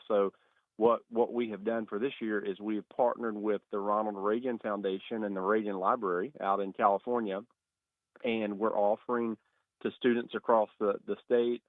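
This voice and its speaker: Low voiced guy calling in on a phone, tinny and dry, steady talk with lots of ums. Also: no echo. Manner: steady, measured, with frequent "uh" and "um" fillers. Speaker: state education superintendent, phone guest. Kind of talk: radio interview answers. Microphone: phone call.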